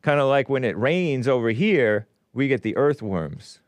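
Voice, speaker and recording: Animated sarcastic male host, dry mic. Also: medium pitch, a little slow, no room sound. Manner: sarcastic asides, animated ups and downs. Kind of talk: casual commentary reading news aloud.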